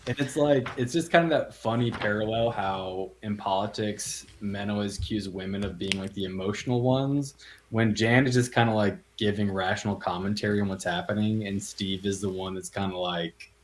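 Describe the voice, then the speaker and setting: A man's voice: on the low side, moderate pace, slight background noise. A man co-hosting a casual comic book podcast, thoughtful, reading out characters' dialogue. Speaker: podcast co-host.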